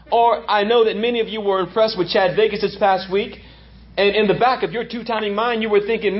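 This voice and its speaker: A man's voice: high-pitched, fairly even intonation, brisk, lo-fi sound. A man preaching a sermon as pastor, emphatic and repeating lines for effect.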